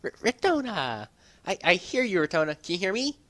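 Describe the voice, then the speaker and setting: A man voicing a flustered young man who stammers and shouts in high, excited bursts. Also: fairly quick. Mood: urgent.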